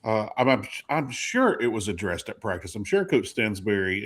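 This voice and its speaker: A man hosting a sports interview, a former reporter, asking long, rambling questions with a joking, animated manner. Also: lowish voice, moderate pace.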